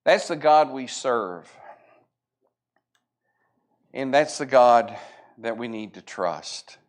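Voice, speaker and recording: A man's voice: medium pitch, expressive, slow pace. Guy teaching bible class at church, earnest, retells the story with little quotes and some uh's. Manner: earnest, retells scripture with quoted dialogue, frequent fillers.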